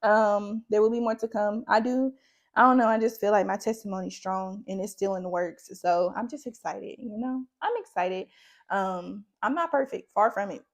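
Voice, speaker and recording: A woman's voice: medium pitch, moderate pace. A young woman chatting casually in a faith vlog, rambling, saying "like" often and laughing between thoughts. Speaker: faith vlogger.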